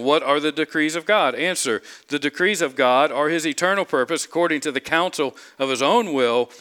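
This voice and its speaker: A man's voice: medium pitch, pushed and bright, clear, resonant tone. A man preaching a sermon, emphatic, repeating phrases and asking the congregation rhetorical questions. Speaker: pastor.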